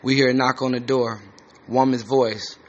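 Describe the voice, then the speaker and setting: A man's voice: mid-range voice, flat delivery, moderate pace. A man reading a screenplay aloud, with plain, matter-of-fact stage directions, on a slightly muffled lo-fi recording. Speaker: script reader.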